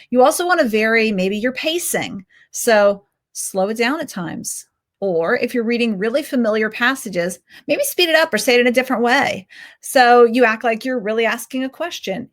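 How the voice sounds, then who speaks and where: A young woman talks through tips on reading aloud as a public speaking tutor. Her pitch rises and falls as she shows off inflection, and she addresses the listener directly. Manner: lively, demonstrates inflection with swings in pitch. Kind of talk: instructional talk to camera.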